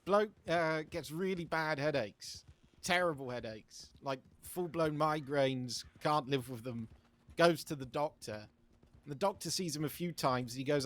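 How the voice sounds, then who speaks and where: Guy in a roleplay game, fairly high voice, yarns away and does little voices for the joke. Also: measured pace. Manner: chatty storyteller, acts out the lines of the people in his joke. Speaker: streamer playing a sheriff. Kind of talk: in-character roleplay chat and joke telling.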